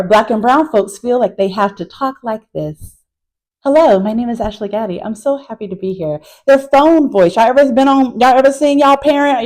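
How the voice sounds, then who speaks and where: Animated woman instructor talking in a car. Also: fairly high pitch, rough recording. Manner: addresses viewers as y'all, emphatic and animated. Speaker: college instructor. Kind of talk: casual talk to camera, recapping a class. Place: in a parked car.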